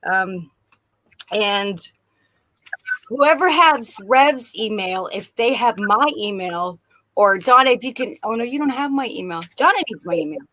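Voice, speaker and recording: Bright, chatty woman. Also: mid-range voice, animated, measured pace, a little hiss or hum, rough recording. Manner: chatty, laughs often, slips into playful voices. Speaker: guest on live stream. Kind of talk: casual chat.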